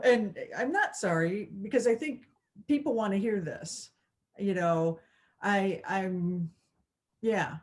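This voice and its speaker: A woman co-hosting a spirituality talk show, chatting casually, earnest and reflective, with many fillers and restarts. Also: medium pitch. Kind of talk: casual chat.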